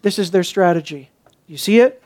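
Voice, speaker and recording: Male preacher, expository sermon, rhetorical questions, hushed then emphatic, sarcastic asides. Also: high-pitched, normal speed. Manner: sarcastic when mimicking others.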